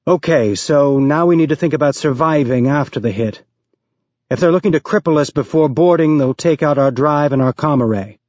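A man's voice: a little high, normal speed, a little mellow, no room sound, dull audio, lightly acted. A man voicing a commanding male ship captain giving orders over a radio channel. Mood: urgent, commanding.

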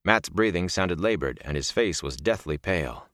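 Deep-voiced male audiobook narrator. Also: expressive, normal speed, fairly bright tone, no room sound, studio quality. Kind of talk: scripted narration.

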